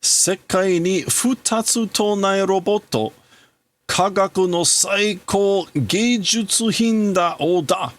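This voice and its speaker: Man voicing anguished scientist dad, pitched up, slow and deliberate Japanese reads. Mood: resolute. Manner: anguished, raised, halting Japanese reading. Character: grief-stricken middle-aged scientist father.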